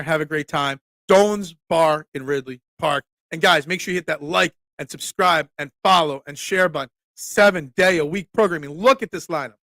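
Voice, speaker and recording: A man's voice: on the high side, sharp tone, no echo, studio quality. A middle-aged man hosting a casual sports talk stream, joking and chatting through viewer comments. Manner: chatty, joking asides, fillers and restarts. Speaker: sports talk show host. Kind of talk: casual live-stream chat reading comments.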